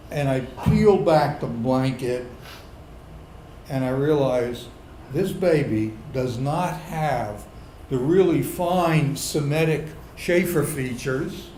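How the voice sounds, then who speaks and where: Slow-talking middle-aged man telling a story. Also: a little high, roomy sound, a little hiss or hum, rough recording. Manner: comic, builds to loud indignant outbursts. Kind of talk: live personal storytelling. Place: pub stage before a live audience.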